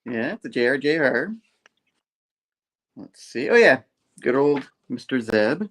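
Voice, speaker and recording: A man casually reviewing a comic book, telling the story with lively sound effects. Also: medium pitch, unhurried. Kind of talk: casual chat.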